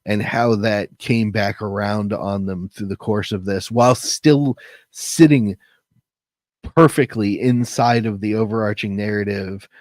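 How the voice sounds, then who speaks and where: A man with a lowish voice talks through his thoughts on a podcast, pausing with fillers as he looks for the right word. The sound is dry and close, with no room around it. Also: fairly even intonation, darkish tone, no echo. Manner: thoughtful, searching for words with fillers. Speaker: editor and literary coach. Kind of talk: casual podcast chat.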